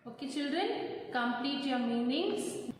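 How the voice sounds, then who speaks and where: A woman's voice: high voice, animated, slight background noise. A woman teaching a primary class, dictating sentences and spelling each word out letter by letter. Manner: slow, spells words letter by letter. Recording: roomy echo with long reverb.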